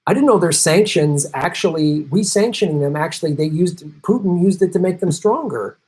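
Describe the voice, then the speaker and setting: A man's voice: on the high side, animated, normal speed, darkish tone, husky, rough recording. A middle-aged man hosting a political live stream, reading viewer chats in a blunt, sarcastic, profane way. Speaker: political show host.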